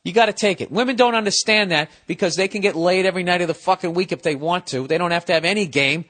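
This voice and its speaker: With a quick pace, a middle-aged podcast host delivers a loose, comic rant full of swearing. He keeps shifting between loud outbursts and low mutters.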